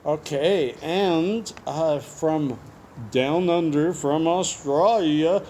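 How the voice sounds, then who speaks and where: A man hosts a relaxed interview, reading viewer questions aloud and tossing in jokes and asides as he goes. His voice sits a little higher than most men's. A faint hiss of noise sits under it. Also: slow. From Canada. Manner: chatty and joking, with frequent asides. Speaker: YouTube host.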